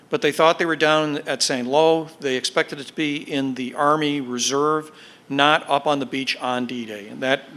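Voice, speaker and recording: A man with a bright, forward voice lectures on military history to an audience. He explains in a measured, deliberate way, leaning on key words and dropping the odd filler as he goes. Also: mid-range voice. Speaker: guest speaker, military historian. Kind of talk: podcast lecture.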